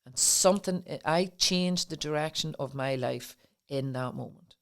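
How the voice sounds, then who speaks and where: Her voice deep and gravelly, a middle-aged woman takes her time recounting her own story as a podcast guest, speaking sincerely and with feeling.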